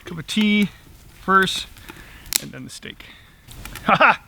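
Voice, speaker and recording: This middle-aged outdoor vlogger has a high, bright, forceful voice with a creaky quality and lively intonation, and he speaks slowly over a little hiss or hum. Brewing tea on a small woodland stove, he rambles casually and chuckles often.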